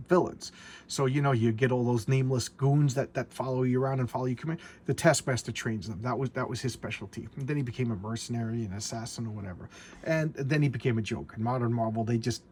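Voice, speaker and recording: A man's voice: mid-range voice, darkish tone, slight background noise. A middle-aged man chatting casually as a comic collector, rambling and often stammering and repeating words. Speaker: comic book collector vlogger. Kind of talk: casual chat.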